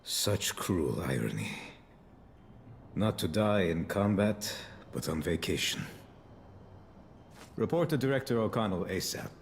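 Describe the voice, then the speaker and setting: An actor playing a calm, wry and philosophical spacer in a video game. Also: male voice, deep voice, a little slow, gravelly, pauses often, slight background noise, full character voice. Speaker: game character.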